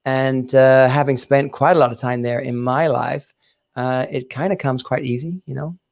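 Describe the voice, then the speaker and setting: A man's voice: mid-range voice, fairly even intonation, normal speed, vocal fry. A man from England hosting a podcast over a video call, chatting in a bouncy, laughing way. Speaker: podcast host. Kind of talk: casual chat.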